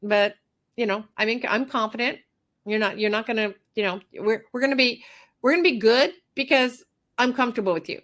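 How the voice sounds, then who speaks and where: A middle-aged master groomer woman giving a workshop talk, animated, repeating phrases and acting out little dialogues. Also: fairly high pitch, fairly quick.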